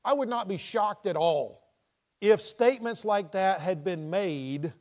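A man with a notably high voice teaches through a Bible passage verse by verse. He reads the old scripture aloud. Then he restates it in casual, conversational words. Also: expressive, unhurried, a little mellow. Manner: reads scripture aloud and paraphrases it in everyday speech. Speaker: preacher.

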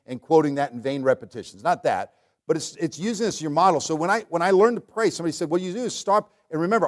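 Folksy preacher man, higher voice. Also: quick pace. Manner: folksy, humorous preaching with dramatic shifts in loudness and pace. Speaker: pastor. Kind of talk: sermon. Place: church.

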